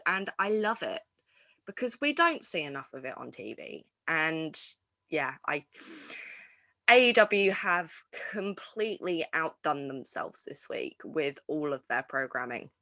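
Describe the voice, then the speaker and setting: Woman, lowish bright voice, enthusiastic rambling review chat, dry close mic. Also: expressive, measured pace, no echo. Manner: enthusiastic, rambling with restarts and fillers. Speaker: wrestling podcast host.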